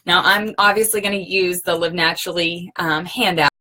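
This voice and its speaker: A woman's voice: lowish voice, fairly even intonation, moderate pace, noisy background. A woman giving a casual sales training talk, conversational, checking in with her listeners often. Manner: conversational, often checks in with "okay?" and "you know".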